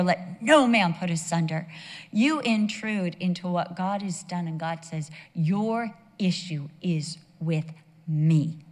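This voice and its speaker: A woman's voice: fairly low pitch, long reverb tail. A woman preaching a sermon, emphatic and mixing in humorous personal asides.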